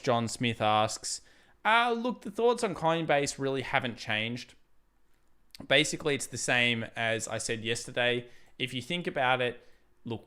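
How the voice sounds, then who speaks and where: A man's voice: medium pitch, smooth. A young man hosting a live stream, chatting casually about trading charts and reading out viewer messages. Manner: chatty, animated, reads viewer super chats aloud. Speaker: livestream trading host.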